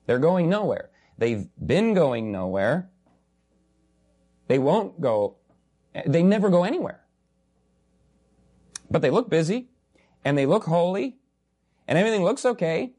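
A man's voice: on the high side, very animated, measured pace, pauses often, mellow. A man preaching a sermon earnestly and emphatically, repeating key phrases and slipping in humorous asides.

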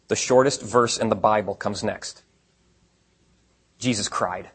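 A man preaching a sermon in a conversational way, asking rhetorical questions and swinging between quiet asides and emphatic points. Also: lowish voice, unhurried, pauses often, breathy edge. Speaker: pastor.

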